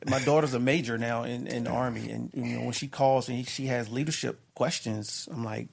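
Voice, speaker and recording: Brief: podcast guest, 50s man, gravelly, reflective and hesitant. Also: mid-range voice, steady tone. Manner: measured, thoughtful, with frequent hesitations. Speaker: podcast guest, retired military leader. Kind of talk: reflective conversation.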